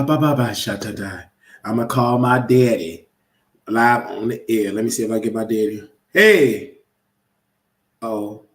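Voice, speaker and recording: A man's voice: medium pitch, reverberant. A man hosting a casual live-stream show, talking playfully, teasing and heaping praise. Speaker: livestream show host. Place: lives in Vegas.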